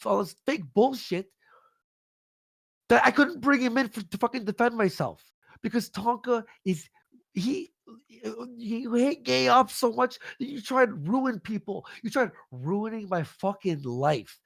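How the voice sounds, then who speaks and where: Furious, gravelly man ranting. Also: very high voice, dry recording, studio quality. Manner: angry, profane, shouting insults. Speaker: livestream guest. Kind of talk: heated livestream rant.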